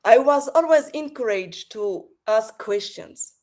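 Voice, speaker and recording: French-accented woman on a video call, kinda high voice, lots of uhs and restarts. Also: expressive, takes it slowly, darkish tone. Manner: hesitant, many fillers and restarts. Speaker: podcast guest. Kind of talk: remote interview.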